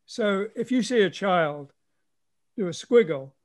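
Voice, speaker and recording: Male guest, teacher type, high pitch, thoughtful and explanatory. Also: expressive, unhurried. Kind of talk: casual explanatory conversation.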